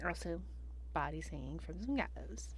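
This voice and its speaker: A woman's voice: on the low side, animated, normal speed, slight background noise. Laid-back woman running a tabletop game. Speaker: game master.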